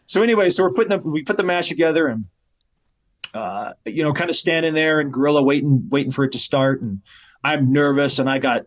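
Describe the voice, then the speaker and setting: A man with a slightly high voice tells a long backstage story on a podcast. He is a wrestler guest in his forties, chatting casually. He jumps into the voices of the people he quotes as he goes. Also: brisk. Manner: animated storyteller who acts out quoted voices.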